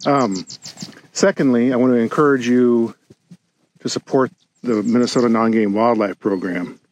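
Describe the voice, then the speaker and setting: A man, a podcast co-host, giving a relaxed, chatty field update from outdoors with birds around. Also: mid-range voice, normal speed, low-quality recording. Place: outdoors on a prairie. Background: birds and light outdoor noise.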